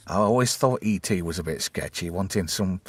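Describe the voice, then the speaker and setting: A man's voice: low-pitched, no room sound. A man hosting a casual, crude chat show, riffing bawdy jokes and laughing a lot. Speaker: podcast host.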